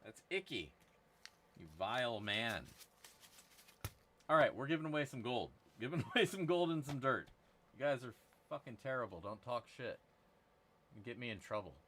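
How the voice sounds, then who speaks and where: His mid-range voice is very animated and a bit bright, at normal speed with frequent pauses and a little hiss or hum. He's the channel host of a gold prospecting giveaway stream, casually chatting and making crude, rambling jokes.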